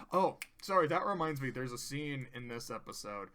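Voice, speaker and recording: A man's voice: mid-range voice, lively intonation, moderate pace, few pauses, a bit bright. A man casually reviewing cartoon episodes, rambling, laughing often and swearing.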